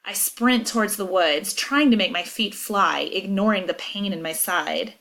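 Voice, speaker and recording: A woman's voice: unhurried, creaky. A woman teacher reading a chapter book aloud, acting out the dialogue expressively. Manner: expressive, acts out dialogue with big pitch jumps. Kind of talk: read-aloud storytelling.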